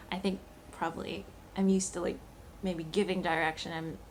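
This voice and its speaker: A woman's voice: on the low side, little pitch movement, unhurried, slight background noise. A woman talking casually to camera in a vlog, thinking aloud with lots of fillers and restarts. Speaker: cooking channel host.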